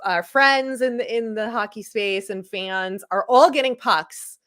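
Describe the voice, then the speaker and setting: A woman from Chicago, a guest on a sports talk show, chatting casually and telling stories in quick animated bursts, full of likes. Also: medium pitch. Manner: animated storyteller, rapid bursts, rambling with many likes. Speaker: guest hockey podcaster.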